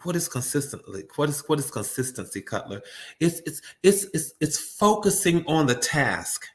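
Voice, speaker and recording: A man's voice: a little high, sing-song, moderate pace. A man giving a live-streamed motivational talk, often repeating words as he restarts and calling his audience "you all.".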